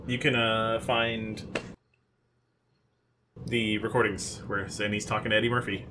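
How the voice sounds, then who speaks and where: A podcast co-host with a low, level voice chats casually, talkative and opinionated, often halting and restarting his sentences. Background noise is audible.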